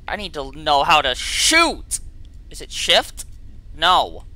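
A man commenting on a horror game he is playing, swinging from quiet muttering to frustrated yelling and reading notes aloud. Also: on the high side, sing-song. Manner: reads an in-game note aloud haltingly. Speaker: gameplay video host.

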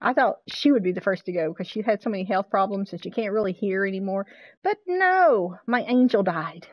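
A woman streaming a game live, chatting casually with viewers, excitable and swearing freely. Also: mid-range voice, brisk, no room sound, highs cut off.

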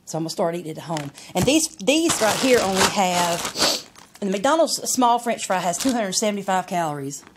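A woman's voice: mid-range voice, very animated, fairly quick, background noise. A woman chatting casually in a haul vlog, folksy and rambling as she shows off what she bought. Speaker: vlogger.

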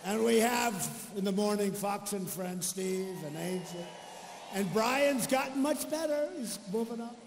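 A man's voice: very high-pitched, in a large hall, a little hiss or hum. An older man giving a political rally speech, boastful and repetitive, full of off-the-cuff asides. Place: large arena rally.

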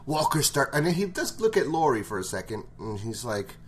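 A man's voice: mid-range voice, very animated, a little fast, a little hiss or hum. Blunt, profane man recapping a show. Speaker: show reviewer. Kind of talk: casual episode recap.

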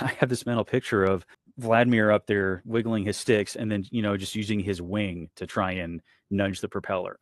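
A man who once flew military aircraft, talking in an animated, exasperated way in a panel discussion. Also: on the low side, dry recording, clean studio sound. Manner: fired-up, exasperated, emphatic. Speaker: former military pilot and analyst.

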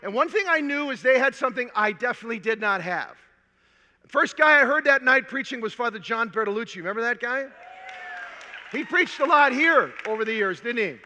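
Bright, high-voiced older man in a hall. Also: brisk, slight background noise. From Minnesota, USA. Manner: animated, humorous storytelling. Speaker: conference speaker. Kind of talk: storytelling conference talk. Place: large hall. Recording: long hall reverb.

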